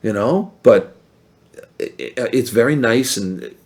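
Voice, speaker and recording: A man chatting as a podcast guest, telling animated stories and acting out what other people said. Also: medium pitch, slow. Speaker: podcast guest, former reality show contestant. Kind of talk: casual storytelling chat.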